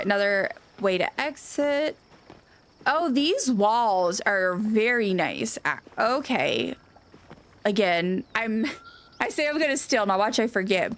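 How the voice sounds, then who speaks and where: A woman game streamer chatting casually on a live stream, gushing and excitable, rambling with lots of restarts. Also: mid-range voice, slight background noise.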